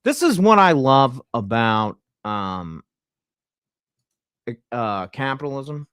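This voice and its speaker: A tired man streaming political commentary, talking in deadpan sarcasm as a mock insider. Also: medium pitch, slow pace, long pauses, clear, resonant tone, dry recording, studio quality.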